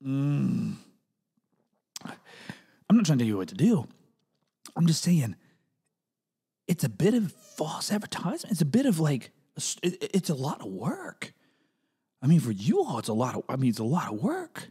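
Animated man doing a comedic podcast. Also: normal speed, long pauses, husky. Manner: animated, jumps into high exaggerated bits, restless restarts. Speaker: podcast host. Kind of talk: comedic solo podcast monologue.

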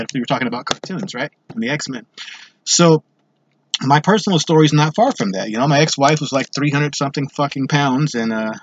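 Hosting his own show, a man tells a personal story bluntly and ramblingly, swearing constantly throughout the monologue. His voice is medium-pitched, the recording muffled, with slight background noise.

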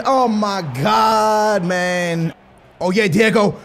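High-pitched gravelly gamer shouting at goals. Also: male voice, unhurried, a little hiss or hum. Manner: excitable, bursts into shouting at goals; drops to low muttering while concentrating. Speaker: gaming YouTuber. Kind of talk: live gameplay commentary.

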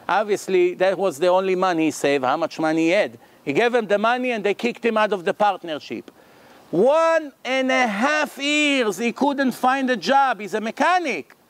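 A man with a very high voice gives a religious lecture in English, a language he did not grow up speaking. He tells a long story and voices each person in it, so his pitch and loudness swing widely between narration and their lines. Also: no room sound. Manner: animated, acts out the characters' lines in the story. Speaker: rabbi. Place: lecture hall.

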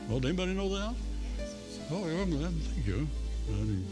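A man preaching a sermon in a church in a folksy, humorous way, with soft music faintly behind him. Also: a little high, sing-song, fairly quick. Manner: folksy and humorous, playing out voices in stories. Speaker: pastor. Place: church sanctuary.

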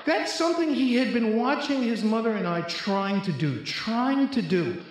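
A man's voice: high-pitched, lively intonation, measured pace. A middle-aged man telling a humorous personal testimony at a recovery convention, acting out the quotes as a comic storyteller on a stage mic. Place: large convention hall, live audience. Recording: echoey large hall.

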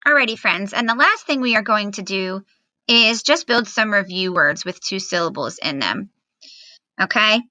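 A woman teacher giving a remote phonics lesson to young children, slowly sounding out letters and syllables in a patient, encouraging way. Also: mid-range voice, expressive, bright, forceful tone.

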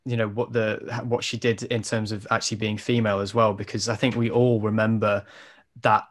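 A man's voice: lowish voice, level tone, normal speed. A man speaking as an interview guest, talking with enthusiasm in a casual chat. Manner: enthusiastic, talks warmly. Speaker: online content creator guest.

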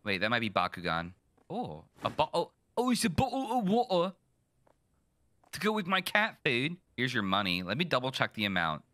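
A young man streaming a horror game, swearing and joking with loud reactions. His voice is very bright and his pitch swings a lot, recorded dry on a close mic. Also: big pitch swings, fairly quick, dry recording. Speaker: gaming streamer. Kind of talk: casual let's-play commentary.

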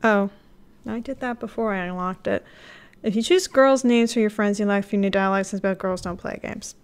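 Excitable woman streaming a game. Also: mid-range voice, fairly quick, clear, resonant tone. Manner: excitable, reacts with gasps and laughs. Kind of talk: live game playthrough, reading text aloud.

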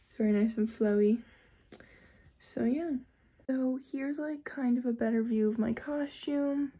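A woman's voice: on the high side, unhurried, warm tone, husky, dull audio. A young woman chatting casually in a vlog, rambling with lots of fillers like "like" and "um". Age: young adult. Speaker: vlogger.

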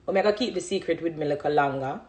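A woman's voice: low-pitched, racing. A Jamaican woman in her thirties chatting casually on a phone live stream, reading out comments from viewers. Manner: chatty, reads out comments, animated.

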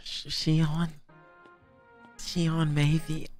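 A young man hosting a casual anime reaction, excitable and slangy, laughing often and breaking into delighted shouts. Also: on the high side, extremely slow, soft background music.

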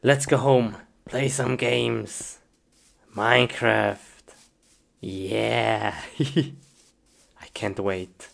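A woman's voice: extremely low pitch, steady tone, very slow, creaky, long pauses. A woman acting out a comedy sketch, talking to herself in short, playful exclamations and laughing often. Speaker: video performer. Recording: noisy recording.

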